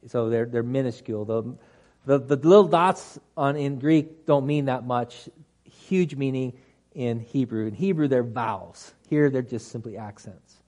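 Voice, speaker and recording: A man leads a Bible study class, explaining the text in a conversational, halting way. His voice is mellow and warm, sitting in a middle pitch. He restarts phrases often and drops in dry, joking asides.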